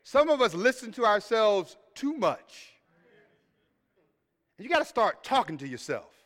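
High-voiced preacher in a reverberant hall. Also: male voice, big pitch swings, measured pace. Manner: preaches with big swells, shouting scripture lines then dropping to quiet asides. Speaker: pastor. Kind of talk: sermon.

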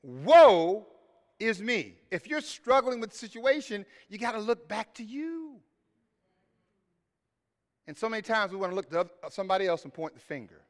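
A man preaching a sermon as pastor, swelling into shouted scripture lines and then dropping to quiet asides. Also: high-pitched, animated, moderate pace. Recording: long hall reverb.

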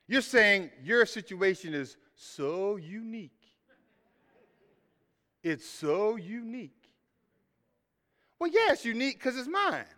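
A man preaching a sermon as pastor, swelling into shouted scripture lines and then dropping to quiet asides. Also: sits high, very animated, moderate pace, few pauses. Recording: long hall reverb.

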